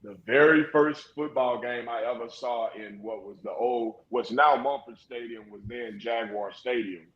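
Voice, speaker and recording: A man's voice: medium pitch, normal speed, echoey room, lo-fi sound. A man hosting a casual sports chat, telling an old stadium memory with easy chuckles. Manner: nostalgic, chuckling storyteller. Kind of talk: casual storytelling.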